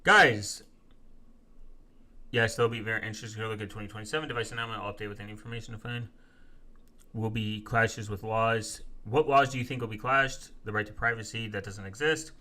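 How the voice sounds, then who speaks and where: A man live-streaming in a casual, profane rant, reading viewer comments aloud and quickly flaring up as he rebuts them. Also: on the low side, fairly even intonation, sharp tone. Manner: profane, quick to flare up angrily. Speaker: live streamer answering chat.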